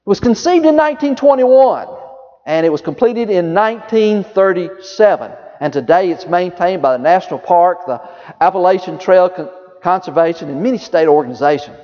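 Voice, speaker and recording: A man preaching a sermon, lively, dropping low and soft when quoting. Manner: lively preaching, drops low and soft for quoted words of Jesus. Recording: dull reverberant hall sound.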